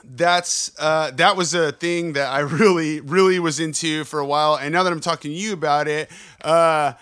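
A man hosting his own podcast, rambling excitedly through a profane, casual monologue full of asides. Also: a little high, normal speed, smooth. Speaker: podcast host. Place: on the road.

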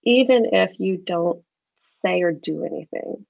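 A woman guest with a low, gravelly voice explains research in an easygoing way, often breaking into light laughs. The recording is dry and slightly dull, like a lo-fi call. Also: unhurried, dry recording. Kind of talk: conversational interview.

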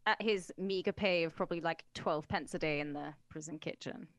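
A woman's voice: low-pitched, a little fast, no room sound. Wry woman on a dry close mic. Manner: wry, sarcastic, chatty. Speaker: podcast co-host. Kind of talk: casual chat retelling news stories.

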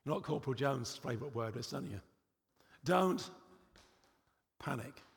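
A man's voice: medium pitch, animated, normal speed, gravelly, long reverb tail. A man preaching a sermon in a church, emphatic and repetitive, with frequent rhetorical questions.

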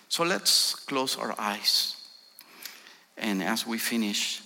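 A man delivers a sermon at a slow, deliberate pace, his voice bright and forceful. He builds into urgent, pleading prayers. The sound carries a long reverb from the church hall. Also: on the low side, lively intonation. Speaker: guest preacher. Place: church sanctuary.

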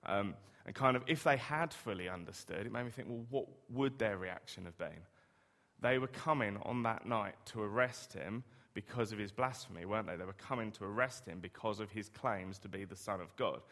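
Man, preacher, low voice, chatty sermon, rhetorical questions, echoing hall. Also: normal speed, fairly bright tone. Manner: conversational, asks the listeners rhetorical questions. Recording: long reverb of a hall.

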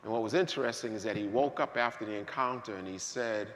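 A man preaching a sermon, swinging between hushed asides and shouted peaks in a church sanctuary. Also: fairly low pitch, fast, a little hiss or hum. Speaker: pastor. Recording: long hall reverb.

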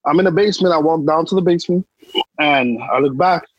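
A young man tells his story in casual slang, repeating himself for emphasis. His voice sits a little high for a man and has a husky edge. The sound is close and dry. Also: fast talker, no room sound, highs cut off. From New York. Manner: emphatic, repetitive street slang. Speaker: podcast co-host.

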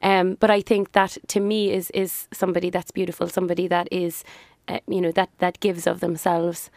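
A woman's voice: lowish voice, flat delivery, a little fast, a little mellow, no room sound, clean studio sound. Chatty businesswoman. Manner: chatty, laughs easily, thinks aloud with fillers. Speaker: business owner, interview guest. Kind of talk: casual interview chat.

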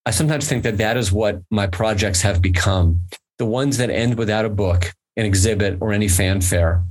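A man's voice: lowish voice, moderate pace, a little mellow. A man appearing as a guest on a podcast, talking earnestly, stammering into sentences and reading a long quote aloud. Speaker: podcast guest, photo editor. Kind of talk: casual conversation.

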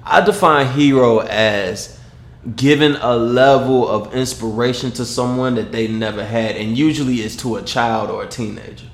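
A man in casual chat, explaining his views slowly and deliberately. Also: mid-range voice. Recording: echoey room.

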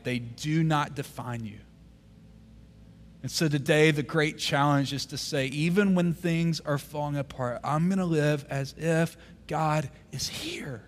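A man, preaching a sermon as the pastor. He tells a story, drops almost to a whisper at tender moments, and grows forceful when he urges the congregation. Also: a little high.

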